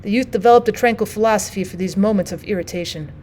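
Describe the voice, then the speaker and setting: A woman teacher reading a classic novel aloud in clear, expressive audiobook narration. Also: medium pitch, fast.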